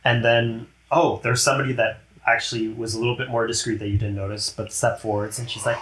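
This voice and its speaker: A man's voice: medium pitch, little pitch movement, quick pace, few pauses, fairly bright tone. A man narrating a tabletop game as game master in a chatty way, laughing often and slipping into character voices. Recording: roomy echo.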